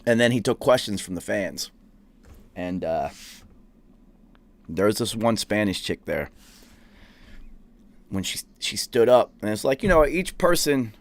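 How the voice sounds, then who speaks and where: Young male podcast host, low voice, loose profane storyteller. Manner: profane, rambling anecdotes with laughs. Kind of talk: casual storytelling.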